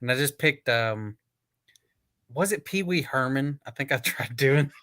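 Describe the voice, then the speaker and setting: A man's voice: mid-range voice, animated, unhurried, a bit bright, dry recording, clean studio sound. A man hosting a casual online group chat, laughing often and swearing casually.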